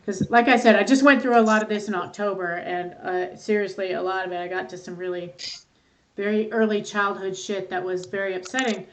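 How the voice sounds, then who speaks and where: A woman's voice: medium pitch, steady tone, fairly quick, rough recording. A middle-aged woman talking as a therapist guest in a casual podcast chat, candid, swearing freely and laughing easily.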